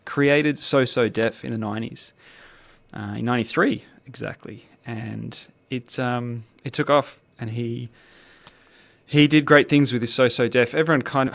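A man's voice: medium pitch, steady tone, unhurried, vocal fry, a bit bright. A man hosting a music podcast in a playful, chatty way with jokey asides. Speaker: podcast host. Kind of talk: casual music podcast chat.

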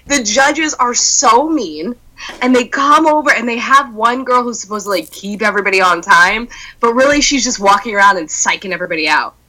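A young woman in casual chat, telling stories with lively quoted voices. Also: a little high, brisk, poor audio. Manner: animated storyteller acting out quotes.

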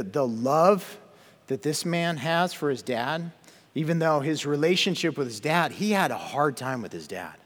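A man's voice: a little high, fairly bright tone, in a large hall. A man preaching a sermon and reading scripture aloud, often repeating words and putting questions to his listeners. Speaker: pastor.

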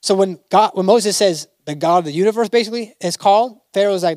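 A man's voice: high-pitched, fast talker, a little mellow, dry recording, clean studio sound. A man preaching a sermon as a pastor, dramatically acting out biblical figures in casual modern speech.

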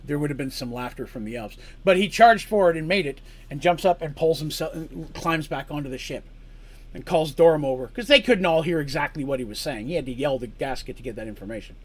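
A man's voice: fairly high pitch, lively intonation, fairly quick. A man as game master, recapping a tabletop game session with chatty, enthusiastic asides.

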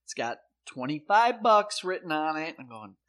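A man's voice: fairly high pitch, sing-song, normal speed, a bit bright. A middle-aged man from South Dakota, co-hosting a podcast, who tells a story in a casual, profane way and acts out his own past reactions. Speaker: podcast co-host.

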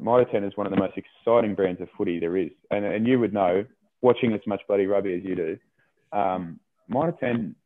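Australian male rugby player, casual interview guest, lower voice, rambling and repetitive, says "mate" a lot, phone-line audio. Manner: rambling, repeats words, says "mate" often. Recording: tinny phone-line sound.

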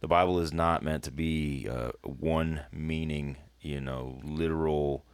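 A man with a very low, deep voice talks with a co-host on a church podcast. He is earnest, warms into animated stretches and laughs easily. The sound is dry and close, with no room around it. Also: measured pace, clean tone, no room sound. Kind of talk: casual conversational podcast.

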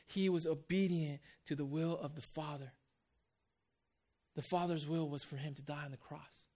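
A man preaching a conversational sermon as pastor. He tells stories with energy and drops to a soft, quiet voice for reflective points. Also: on the high side. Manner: conversational, animated when telling stories.

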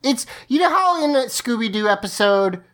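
A woman's voice: fairly high pitch, animated, normal speed, a bit bright. A woman co-hosting a podcast, casually recapping an episode, chatty and often laughing. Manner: chatty, laughs often, restarts lines while explaining. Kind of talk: casual chat.

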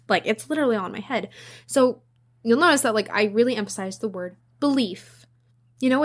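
Chatty young woman podcaster. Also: fairly high pitch. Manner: chatty, rambling, many fillers and restarts. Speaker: podcast host. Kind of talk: casual solo podcast monologue.

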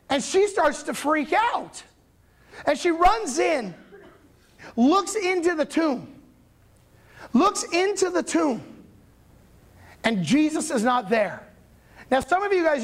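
A man preaching a sermon in a casual, conversational storytelling manner, with sudden loud bursts of emphasis. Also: extremely high pitch. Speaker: pastor.

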